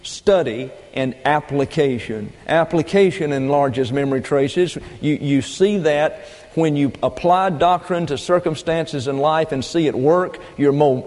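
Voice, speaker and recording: A man teaching a Bible class in a measured, lecturing sermon style, often pausing with fillers and restarts. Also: mid-range voice, a little mellow. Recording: long hall reverb.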